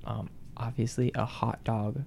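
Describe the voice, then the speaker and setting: A man playing in a tabletop game, speaking in a hesitant, halting way. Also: mid-range voice, level tone, vocal fry, background noise. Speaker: player.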